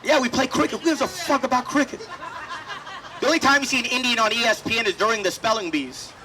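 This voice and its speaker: On an outdoor festival stage, a stand-up comedian performs a brash, profane set, slipping into voices for the people in his stories. He speaks fast in a very high-pitched voice, with background noise present.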